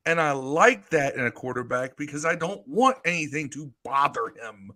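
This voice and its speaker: Guy on a sports podcast, bright voice a bit high, gets animated telling stories. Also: moderate pace. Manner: animated, storytelling, swears casually. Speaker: podcast co-host. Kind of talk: casual sports talk. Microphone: live stream podcast mic.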